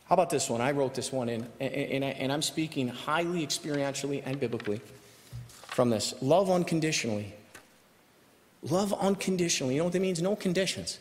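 A man's voice: fairly high pitch, lively intonation, a little fast. A man preaching a sermon as pastor, emphatic and repeating his key phrases. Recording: echoey hall reverb.

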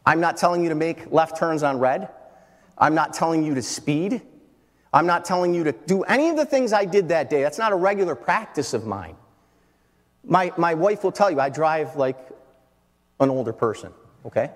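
A middle-aged man preaching a sermon, dropping to quiet storytelling and then rising to loud, shouted declarations. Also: on the high side, expressive, moderate pace. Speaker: pastor. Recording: long hall reverb.

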